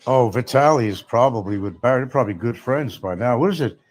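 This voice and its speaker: A man's voice: mid-range voice, lively intonation, fast. A man hosting a casual livestream, rambling sarcastically and reading chat comments aloud. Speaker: livestream host.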